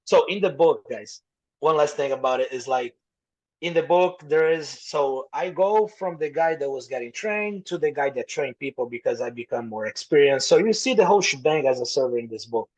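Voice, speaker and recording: A man's voice: mid-range voice, animated, moderate pace, darkish tone, muffled recording. A young adult man with a Brazilian accent, a native Portuguese speaker, telling stories as a podcast guest, acting out quoted voices and swearing freely. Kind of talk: casual storytelling.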